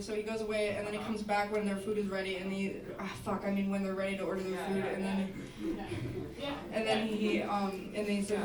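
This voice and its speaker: A woman's voice: mid-range voice, monotone, brisk, a crowd in the background. A woman musician chatting casually between songs at a live show, rambling, swearing and correcting herself as she goes. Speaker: musician performing a live set. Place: small live music venue. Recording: echoey room, far from the mic, music.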